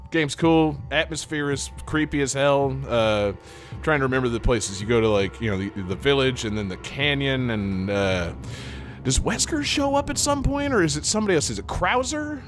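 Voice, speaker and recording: Lol just a guy rambling about games on a podcast, lots of "you know", little bit of music in the back. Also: medium pitch. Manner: rambling, lots of fillers and laughs. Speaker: podcast co-host. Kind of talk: casual chat about video games.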